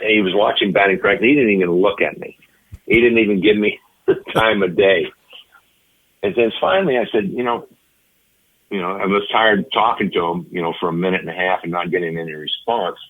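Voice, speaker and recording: A man in his seventies, a retired ballplayer, telling anecdotes in an interview with lively, animated delivery. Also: low voice, narrow, tinny audio. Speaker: interview guest, retired baseball player. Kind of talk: storytelling interview.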